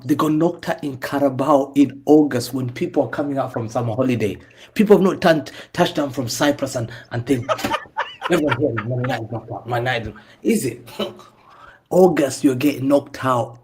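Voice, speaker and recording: A man's voice: mid-range voice, a little mellow. A man on a football panel, mocking his rivals with repetitive taunts in heated banter.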